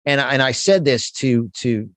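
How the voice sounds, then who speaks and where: A middle-aged man with a New York accent, guesting in a passionate conversational interview as a motivational speaker and business coach, comes across emphatic and fired up and keeps restarting his words. His mid-range voice has a fairly bright tone and a slightly slow pace, on a dry recording.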